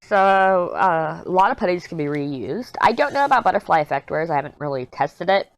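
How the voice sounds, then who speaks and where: A woman's voice: lowish voice, animated, a little fast. A woman in her thirties chatting casually as a crafting vlogger while she works, rambling, easily sidetracked, candid and jokey. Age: 30s. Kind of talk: casual chat while diamond painting.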